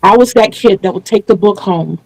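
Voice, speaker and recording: Talking a little fast in a mid-range voice, a woman hosts a casual video interview with a guest. She explains things earnestly and at length, restarting in small ways, on a dry, rough recording.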